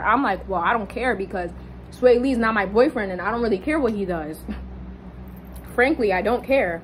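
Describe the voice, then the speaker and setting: Animated young woman telling a story. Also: on the high side, moderate pace, slight background noise, rough recording. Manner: animated, swearing, quotes people in raised voice. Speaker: vlogger. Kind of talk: casual storytime.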